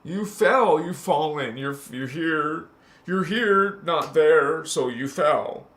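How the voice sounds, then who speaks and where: A spiritual channel host speaks slowly in a slightly high, expressive voice with a fairly bright tone. During his spiritual livestream sermon, passionate but casual, he calls listeners honey and breaks into chanted syllables.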